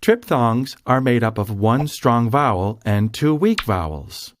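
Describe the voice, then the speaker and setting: A man giving scripted, measured explanations as a language instructor. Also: mid-range voice, lively intonation.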